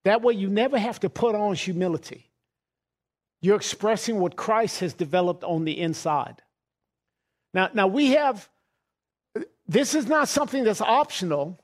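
A man's voice: sits high, expressive, normal speed, pauses often. A middle-aged man preaching a sermon in a folksy way, laughing often and repeating words as he goes.

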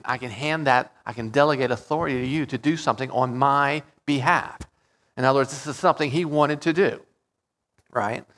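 A man preaching a Bible-teaching sermon, stressing key words with loud drawn-out peaks and checking in with "okay?" and "right?". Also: mid-range voice. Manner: explains Greek word meanings, frequent "okay?" and "right?".

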